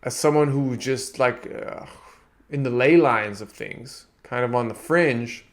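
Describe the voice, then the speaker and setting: In a mid-range voice at a slightly slow pace, an Antiguan podcast host with an American-tinged accent reflects aloud on his ideas. His monologue meanders and frequently starts over.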